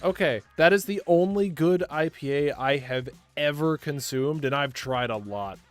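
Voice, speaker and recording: A man's voice: fairly high pitch, normal speed, soft background music. A man co-hosting a livestream, chatting casually and reading out viewer comments, self-deprecating and laughing often.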